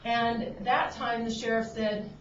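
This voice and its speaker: A woman's voice: on the high side, steady tone, takes it slowly, soft background music. A woman on an agriculture board giving earnest, pointed, unscripted remarks at a public meeting, with frequent restarts. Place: conference room at a government meeting. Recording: dull, noisy, roomy audio from a distant room mic.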